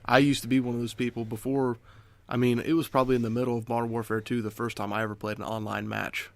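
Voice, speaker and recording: A man's voice: medium pitch, level tone, quick pace, vocal fry, no echo. A young man co-hosting a gaming podcast, earnest and self-deprecating, working himself up into a rant. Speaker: podcast co-host. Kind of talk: casual podcast chat.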